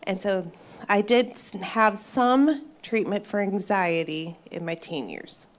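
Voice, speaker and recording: A woman in her fifties giving a personal faith testimony to an audience, earnest and reflective, pausing and restarting as she speaks. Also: mid-range voice, animated. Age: 50s.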